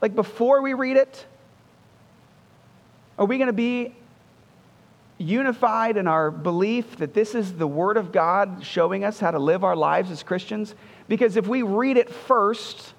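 High-voiced man preaching in a hall. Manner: conversational, earnest preaching with repeated phrases. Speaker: pastor. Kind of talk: sermon.

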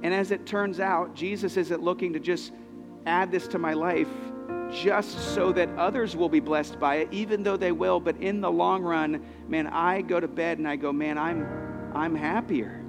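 A man's voice: high-pitched, big-room sound. A man in his thirties preaching a sermon, telling personal stories in an earnest way, often restarting his sentences. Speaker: pastor.

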